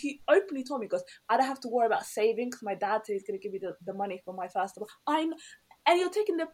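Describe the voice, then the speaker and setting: Fast-talking young woman telling a story. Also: mid-range voice, husky. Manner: animated storyteller, acts out quotes, many restarts. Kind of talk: casual chat.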